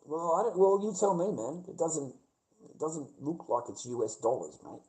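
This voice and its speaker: A man's voice: a little high, big pitch swings, moderate pace, darkish tone, rough recording. A middle-aged man with an Australian accent, chatting casually on a livestream, blunt and heavy on swearing as he rants back at his viewers.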